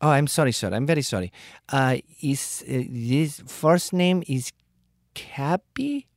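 A woman's voice: extremely low pitch, big pitch swings, darkish tone, no echo, studio quality, pitched above the performer's own voice, exaggerated voice. A man putting on a female bill collector with a Puerto Rican accent, who keeps apologizing and hesitating. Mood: apologetic. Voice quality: halting, full of hesitations and apologies.

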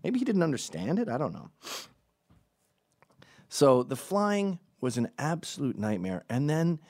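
A man in his forties, recovering from strep throat, delivers a casual comedic monologue of rambling, sardonic stories with voiced asides. His mid-range voice swings hugely in pitch, unhurried and a little mellow, in studio-quality audio with no room sound.

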